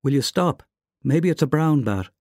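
A man reading aloud gives a higher, exclaiming voice to an anxious, sharp-tongued young woman in a story. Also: expressive, normal speed, dry recording, clean studio sound. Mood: alarmed.

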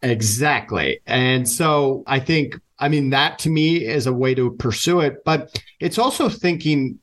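Energetic man, mid-pitched, guest on an interview podcast, keen storyteller. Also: a little slow. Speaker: guest author and keynote speaker.

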